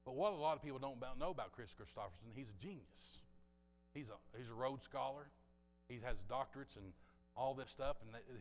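A man preaching a sermon, telling a story with passion and swinging between loud bursts and hushed asides. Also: medium pitch, a little hiss or hum. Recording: long reverb of a large hall.

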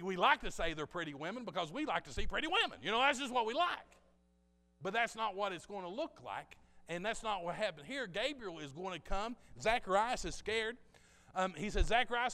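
High-voiced male preacher in a reverberant hall. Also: a bit bright. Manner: conversational, jokey preaching with asides to the congregation. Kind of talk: sermon. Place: church sanctuary.

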